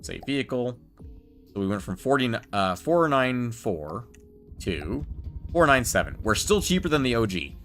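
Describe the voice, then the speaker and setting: A man giving relaxed, chatty commentary while playing a building game, joking with his chat as he goes. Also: medium pitch, unhurried, faint music behind. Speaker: gameplay streamer.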